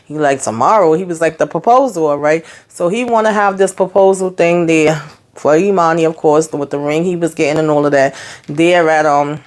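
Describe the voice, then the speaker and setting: A woman's voice: sits low, fairly even intonation, normal speed, a little mellow. A woman casually recapping a TV episode in a chatty, colloquial way, often breaking into laughter. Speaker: TV show reviewer.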